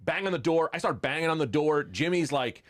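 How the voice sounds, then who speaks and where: A man's voice: fairly high pitch, a little fast, no echo. Comedian guy telling a story on a podcast, swears a lot, voice all over the place, dry close mic. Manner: animated, profane storyteller. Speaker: comedian guest.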